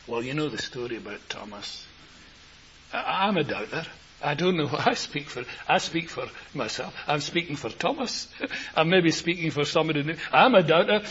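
A man's voice: a little high, a bit bright. A man preaching a sermon in a meeting, rambling and conversational, with emphatic rising bursts. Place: meeting hall. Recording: dull hissy lo-fi tape.

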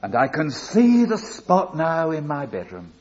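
An older man preaching a sermon, telling a story slowly and building to emphatic appeals. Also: fairly high pitch, huge pitch swings, darkish tone, dull audio. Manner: slow, deliberate storytelling with rising emphatic appeals.

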